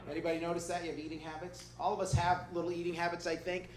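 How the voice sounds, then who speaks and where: A man's voice: high-pitched, animated, a little fast. Man, middle-aged, pastor, conversational humorous sermon, echoey hall, faint background noise. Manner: humorous, conversational, acts out quoted voices. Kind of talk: sermon with personal stories. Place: church hall before a congregation.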